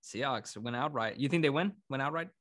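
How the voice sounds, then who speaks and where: Excitable man hosting a casual sports chat. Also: medium pitch, brisk. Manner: excitable, laughs, mock British accent briefly. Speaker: podcast host.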